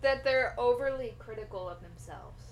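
A woman's voice: a little high, normal speed. A young woman co-hosting a casual podcast, teasing and slangy in a laid-back way. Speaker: podcast co-host. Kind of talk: casual chat.

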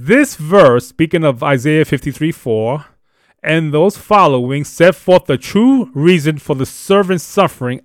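A man's voice: a little high, dry recording, clean studio sound. A man hosting a live show and teaching on scripture, emphatic and plain-spoken, pressing his points with blunt rhetorical questions. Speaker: host and Bible teacher.

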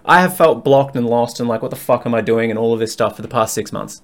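A man's voice: medium pitch, a little fast. A man hosting a fitness podcast alone, talking bluntly and frankly, swearing freely and rambling as he thinks aloud. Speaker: fitness coach and podcast host. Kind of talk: candid solo podcast monologue.

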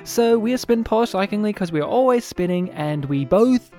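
A young man, co-hosting a casual film podcast, animated and jokey. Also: high-pitched, brisk, faint music behind. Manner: jokey, animated, puts on silly voices. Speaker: podcast co-host. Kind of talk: casual chat.

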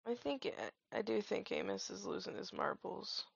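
A woman's voice: medium pitch, lively intonation, moderate pace, creaky, breathy edge, no echo, lo-fi sound. A woman co-hosting a podcast, chatting casually and thoughtfully while watching a movie. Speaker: podcast co-host.

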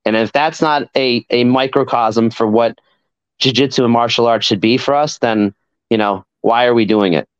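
A man's voice: medium pitch, fairly even intonation, moderate pace, clean tone. A man guesting on a podcast speaks in an earnest, reflective way, tripping over and repeating his words. The sound is dry, with no room echo, and a little dull at the top end. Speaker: guest, martial arts instructor. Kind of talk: casual interview chat.

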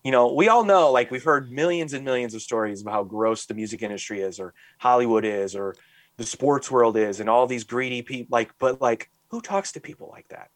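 A man hosting a podcast, ranting with animated exasperation and saying "like" constantly. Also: mid-range voice, fairly quick, no room sound. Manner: animated ranting, heavy use of "like"; exasperated, mocking. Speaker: podcast host. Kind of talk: casual podcast chat.

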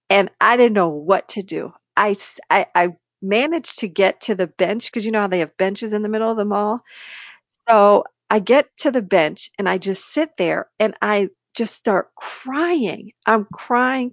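Woman, podcast co-host, candid animated storyteller, close dry mic. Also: mid-range voice, no room sound. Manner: animated, candid, laughs between sentences. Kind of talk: casual storytelling chat.

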